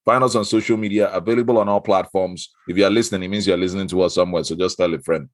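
A man runs his podcast with a low voice and a dry, close sound. He is playful and animated, and he drops into quick asides. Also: no room sound. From Nigeria. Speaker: podcast host. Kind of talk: casual podcast chat.

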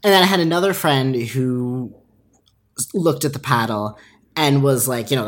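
On a casual podcast, a woman co-host with a strikingly low, husky voice tells a story. She's animated and laughs often, slipping into quick voiced-out quotes of other people.

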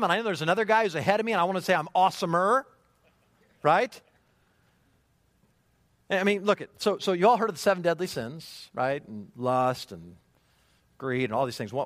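A male pastor preaching a sermon, emphatic and animated, checking in with the congregation through rhetorical questions. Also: sits high, dry recording, studio quality.

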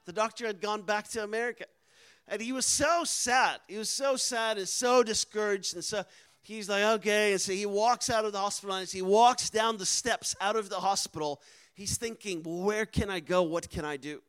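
A man with a high, light voice tells a mission-field story in a lively storytelling style. He speaks with animated energy and pushes up to loud, emphatic moments. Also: moderate pace, clear, resonant tone. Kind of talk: storytelling sermon.

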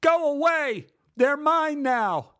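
Man doing a tearful 8-year-old boy, yelling, whispering threats, dry recording. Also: fairly low pitch, lively intonation, moderate pace, breathy edge, no echo, voice pushed down.

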